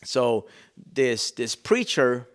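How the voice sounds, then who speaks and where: A man from Chicago, a pastor and business owner, telling a personal story on a podcast with animated delivery, hushed whispered asides, and frequent "man". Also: medium pitch, very slow. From Chicago, USA.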